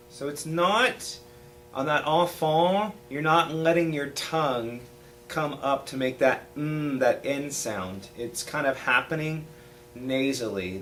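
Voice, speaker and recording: A man with an ordinary mid-range voice guides a group of young singers through pronunciation, step by step. He talks slowly and patiently, like a teacher in rehearsal. A faint noise sits under the recording. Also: medium pitch. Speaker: choir teacher. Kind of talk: rehearsal instruction.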